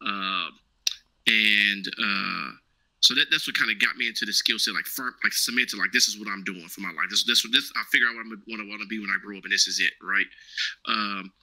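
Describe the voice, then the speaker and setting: A man's voice: fairly low pitch, brisk, rough recording. A man guest on an interview show, telling casual, slangy stories and acting out the dialogue in them. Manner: animated, slangy, acts out quoted dialogue. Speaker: guest, former Marine now cloud engineer.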